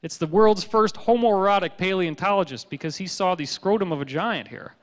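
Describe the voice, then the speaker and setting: A man giving a public lecture, telling stories in a joking, animated way. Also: sits high, brisk, big-room sound.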